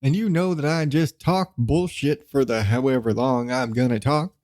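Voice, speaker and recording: A man's voice: mid-range voice, fairly even intonation, moderate pace, darkish tone. A man hosting his own podcast alone, rambling casually, swearing freely and chuckling between thoughts. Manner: rambling, profane, chuckling often. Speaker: podcast host. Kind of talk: solo casual podcast monologue.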